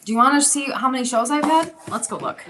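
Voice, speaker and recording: A woman's voice: high voice, fast talker, noisy background. A woman hosting a live selling stream, chatting casually with viewers in a rambling, teasing way. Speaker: live-stream seller host.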